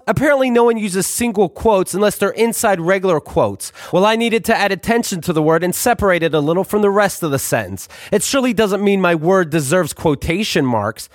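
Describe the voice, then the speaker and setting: A man's voice: high-pitched, dry recording, studio quality. A man reading his own book aloud in a sarcastic, ranting, profane way, throwing in asides to the listener.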